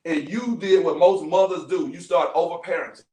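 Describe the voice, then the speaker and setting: High-voiced man hosting a podcast. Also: normal speed. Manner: animated, storytelling, conversational. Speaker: podcast host. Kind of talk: casual group discussion. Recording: echoey room from far off.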